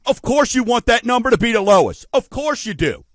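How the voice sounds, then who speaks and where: A man's voice: extremely high pitch, very animated, brisk, fairly bright tone, dry recording. A middle-aged man hosting a radio talk show about mortgages, folksy and emphatic, asking rhetorical questions. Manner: folksy, addresses listeners as folks.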